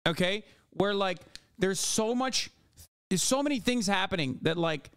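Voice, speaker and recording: A man's voice: high-pitched, animated, measured pace, fairly bright tone, smooth, no room sound, studio quality. A man streaming live, reacting to clips with mocking, exasperated, profane commentary.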